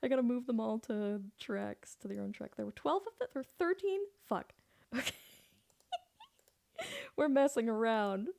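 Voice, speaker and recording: A woman's voice: a little high, animated, unhurried, vocal fry, long pauses, darkish tone, dry recording. A woman singer chatting casually on her live stream, giggly and loose, swearing now and then.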